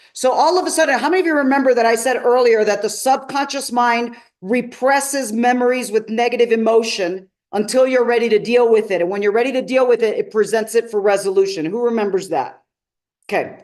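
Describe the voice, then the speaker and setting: Female seminar coach, higher voice, emphatic, engages the room with questions. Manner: emphatic, asks the audience questions. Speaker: transformational coach. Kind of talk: live seminar teaching.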